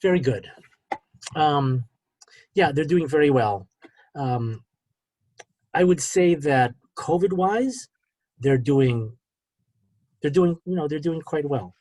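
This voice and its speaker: A middle-aged man with a husky, somewhat high voice tells his own story in an earnest, halting way, full of "you know" and "okay?". The sound is dry, like a video call. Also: animated, a little mellow, no echo. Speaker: physician speaker. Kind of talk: personal story in a webinar talk.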